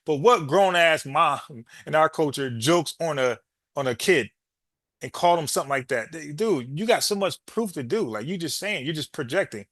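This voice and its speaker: A podcast host argues heatedly with a caller during a call-in debate, repeating his points and calling him "bro." His voice is on the high side, expressive and fairly bright, at a normal speed. The recording is dry and of studio quality.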